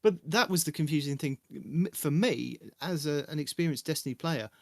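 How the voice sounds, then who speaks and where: A man's voice: a little high, moderate pace, creaky, dry recording, studio quality. A man hosting a casual gaming podcast, chatting and reading through game update notes. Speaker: podcast host.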